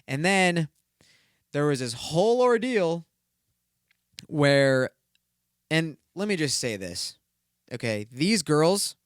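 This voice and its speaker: A man's voice: a little high, sing-song, slow, long pauses, clear, resonant tone, no room sound, clean studio sound. A young man hosting a solo podcast, telling a story in a rambling, profane way, full of fillers. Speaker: podcast host.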